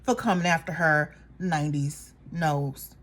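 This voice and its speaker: A woman casually recapping a reality show in a gossipy, animated way, acting out the cast members' lines. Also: deep voice, unhurried, very noisy.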